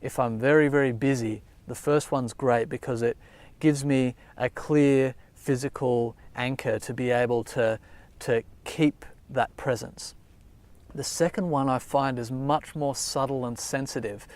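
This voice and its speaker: A man calmly explaining a meditation technique, talking gently and reflectively at an unhurried pace. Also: medium pitch, no room sound. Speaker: meditation teacher. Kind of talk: calm spoken meditation guidance. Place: outdoors.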